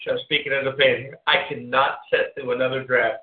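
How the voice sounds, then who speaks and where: A man hosting casual sports talk, ranting with animated sarcasm. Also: medium pitch, brisk. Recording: tinny phone-like sound in an echoey room.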